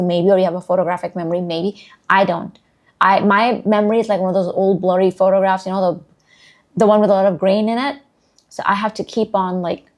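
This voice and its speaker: A woman who also speaks Urdu giving a casual, chatty language lesson, repeating words slowly and joking about herself. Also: mid-range voice, darkish tone. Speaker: language learner teaching vocabulary.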